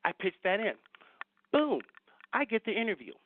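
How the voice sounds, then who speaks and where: A man, a science fiction writer, telling an animated anecdote as a guest and acting out the people he quotes. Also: high voice, moderate pace, phone-quality sound, slight background noise. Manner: lively storyteller acting out quoted voices.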